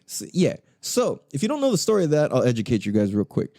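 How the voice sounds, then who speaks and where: Full of slang, swearing, and laughter, this young podcast host rattles off music stories fast in a casual solo show. His warm, mid-range voice swings hugely in pitch, and the studio-quality recording has no room sound.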